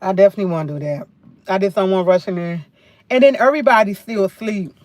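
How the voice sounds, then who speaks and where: A woman's voice: mid-range voice, quick pace, a little mellow, no echo. Chatty New woman livestreaming. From New York. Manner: chatty, repeats phrases, rambling storytelling. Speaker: livestream host. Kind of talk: casual live chat.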